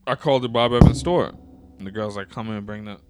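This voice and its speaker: Over heavy background noise, a man with a lowish voice talks quickly through a long story in casual conversation. He swears freely and acts out what other people said, making it an animated, profane piece of storytelling.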